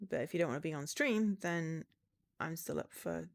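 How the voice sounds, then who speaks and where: A woman's voice: low voice, normal speed, gravelly. A woman streamer chatting casually with her viewers, rambling with restarts.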